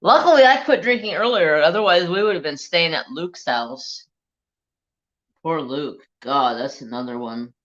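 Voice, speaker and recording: A man telling a personal story in a slow, halting, reflective way while he works on a craft. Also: fairly high pitch, expressive, a bit bright, highs cut off. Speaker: crafting vlogger.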